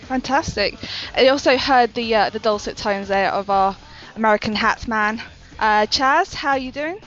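A woman's voice: a little high, normal speed, a bit bright, muffled recording, soft background music. A woman hosting a casual gaming podcast, chatty and full of fillers, laughing often. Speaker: podcast host. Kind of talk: casual chat.

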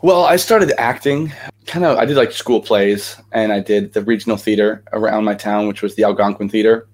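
A young man who acts and sings appears as a guest in a casual interview, telling stories in a chatty, energetic way full of fillers. His voice is lowish and his pace is normal.

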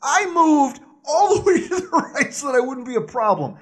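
A man co-hosting a podcast, telling a story in an animated, exasperated way. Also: very high-pitched, moderate pace. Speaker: podcast co-host.

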